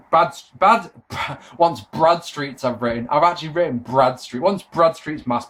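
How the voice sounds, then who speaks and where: A man reviewing wrestling speaks directly to his audience in a relaxed, casual monologue. Sarcastic and full of swearing, he sounds fed up with what he's watching, and his lively voice leaps high and dips low throughout.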